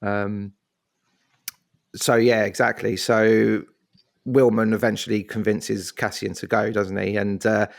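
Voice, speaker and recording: A man's voice: fairly low pitch, flat delivery, slow pace, vocal fry. A man, co-hosting a podcast in a jokey, casual chat and acting out scenes in silly voices. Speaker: podcast co-host.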